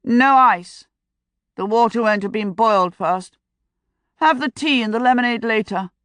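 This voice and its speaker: A woman's voice: a little high, a little slow, a bit bright, clean tone, dry recording. A clipped, no-nonsense detective giving short orders, voiced by a woman narrator. His lines come out terse and matter-of-fact in an audiobook. The recording is close and dry. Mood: firm.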